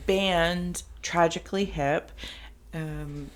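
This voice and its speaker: A woman's voice: sits low, steady tone, unhurried, faint music behind. A woman giving a spoken tarot and spirit reading to camera, rambling and thinking aloud with many fillers and restarts. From Canada. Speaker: tarot reader and psychic.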